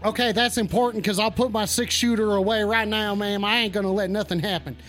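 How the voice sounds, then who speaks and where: A man voicing a pot-smoking cowboy who runs a call-in radio bit, all drawl and profane swagger. The voice sits very high and sounds bright and forceful, with faint music underneath. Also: fairly even intonation, fairly quick. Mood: blustering. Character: stoned blustering male cowboy radio host. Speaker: call-in show host.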